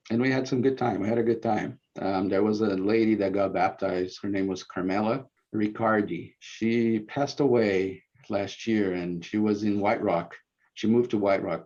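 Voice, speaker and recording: Animated man telling ward stories. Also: fairly low pitch, moderate pace. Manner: animated storyteller, acts out quotes loudly. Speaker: former bishop sharing ward memories. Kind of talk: informal reminiscing talk. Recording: muffled lo-fi recording.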